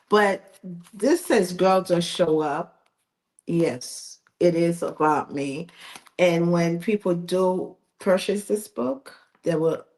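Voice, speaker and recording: Middle-aged woman, author guest, lowish voice, emotional and laughing, repeats herself. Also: dark tone. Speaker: author and magazine editor. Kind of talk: emotional interview storytelling.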